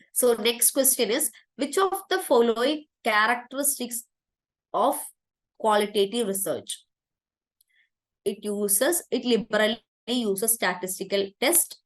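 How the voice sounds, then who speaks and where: A woman of ordinary pitch teaches a live online exam-prep class. She reads out past questions, repeats them patiently and fills pauses with "uh" and "okay" while waiting for replies.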